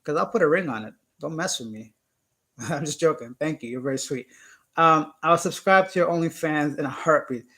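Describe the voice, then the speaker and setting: A man's voice: on the high side, a little fast, bright, forceful tone. A young man from Canada hosting a casual live stream, reading viewer comments aloud and joking around. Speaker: YouTube channel host.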